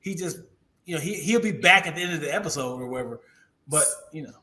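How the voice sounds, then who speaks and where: A man co-hosting a casual podcast, halting and searching for words, then excited. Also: on the high side. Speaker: podcast co-host. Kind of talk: casual chat.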